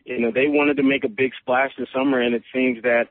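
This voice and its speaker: A man, a guest sports reporter, giving measured, analytical answers on a podcast. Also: mid-range voice, flat delivery, no room sound. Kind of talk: sports talk podcast interview. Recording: phone line.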